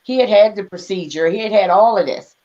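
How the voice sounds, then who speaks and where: Woman, interview guest, earnest, emotional, mid pitch, dull lo-fi audio. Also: a little fast, dark tone. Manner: earnest and emotional, laughs between phrases. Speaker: guest author. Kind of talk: conversational interview.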